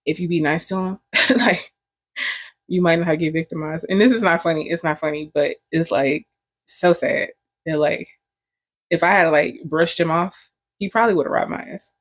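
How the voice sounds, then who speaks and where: A woman's voice: lowish voice, steady tone, a little slow, dry recording. Frank, profane young woman vlogger. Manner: candid, profane, joking. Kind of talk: casual storytelling.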